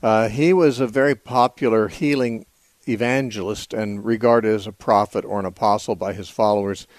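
A man hosting a call-in radio show, answering callers in a measured, thoughtful way with frequent fillers. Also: lowish voice, steady tone, dry recording. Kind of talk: call-in radio Bible teaching.

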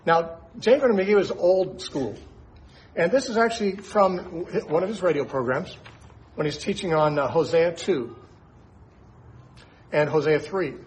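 A man's voice: fairly high pitch, measured pace, pauses often, slight background noise, low-quality recording. A man who teaches the Bible on the radio, explaining scripture in an emphatic way and posing rhetorical questions to his listeners.

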